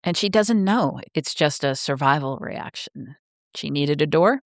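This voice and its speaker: A woman's voice: deep voice, lively intonation, unhurried, dry recording. A woman co-hosting a podcast, recapping a plot in laid-back, dry chat. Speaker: podcast co-host. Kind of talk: casual book-club chat, recapping a plot.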